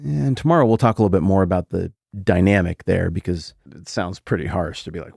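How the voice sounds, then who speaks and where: A man's voice: low-pitched, a little fast, creaky, few pauses, a little mellow, no echo, studio quality. A man in his forties, a podcast host, talking through a Bible passage in a casual, musing way with conversational asides. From American Mountain West or Upper Midwest. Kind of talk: casual Bible teaching monologue.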